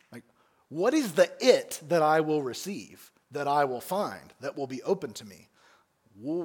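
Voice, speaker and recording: A man's voice: fairly high pitch, breathy edge. A male pastor preaching an expository sermon in a church, asking his listeners many questions. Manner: animated, asks the congregation many questions. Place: church sanctuary.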